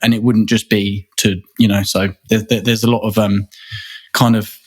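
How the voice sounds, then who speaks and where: A man's voice: fairly low pitch, level tone, normal speed. A man, a guest in a casual interview, talking earnestly and rambling, often repeating words and restarting. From England.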